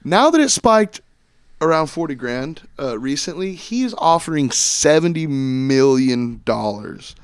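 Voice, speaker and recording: A man's voice: fairly high pitch, a little slow, clean tone, dry recording. A man co-hosting a podcast, loosely recapping a news story with casual swearing. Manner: relaxed, profane, recaps news stories loosely. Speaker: podcast co-host. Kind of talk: casual chat.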